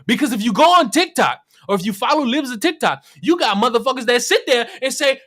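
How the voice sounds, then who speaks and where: Bright, animated profane livestream ranter. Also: medium pitch, brisk, hardly any pauses. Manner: profane, mocking, rhetorical questions; mimics people in silly voices. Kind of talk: heated livestream commentary rant.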